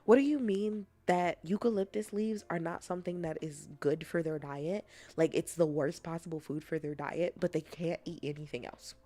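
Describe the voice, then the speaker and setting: A woman streamer in a casual, rambling chat, playful and often dropping into soft whispers. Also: low-pitched, normal speed, faint music behind.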